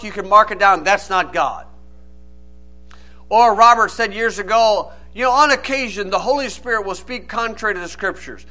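A man's voice: high voice, sharp tone. A man preaching a sermon, reading old-style scripture and then explaining it plainly and with emphasis.

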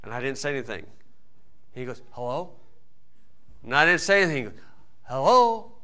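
A man preaching a sermon in a folksy storytelling way, swinging between loud emphasis and quiet asides. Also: medium pitch, animated, very fast.

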